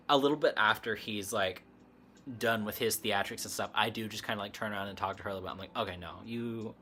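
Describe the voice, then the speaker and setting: A man's voice: on the low side, bright, forceful tone. A man hosting a casual livestream chat, telling a story in a rambling way, laughing often and using plenty of fillers. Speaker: livestream host.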